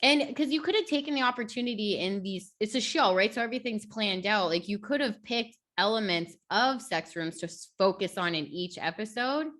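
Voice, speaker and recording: A woman's voice: mid-range voice, a little fast, few pauses, a bit bright. A woman speaking candidly and bluntly as a podcast guest in casual chat, swearing casually.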